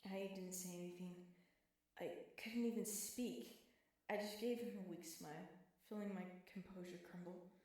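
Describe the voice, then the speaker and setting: Brief: woman narrator, lowish voice, earnest story reading, very echoey room. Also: steady tone, normal speed, a little mellow. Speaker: fan fiction reader. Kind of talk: first-person fan fiction narration.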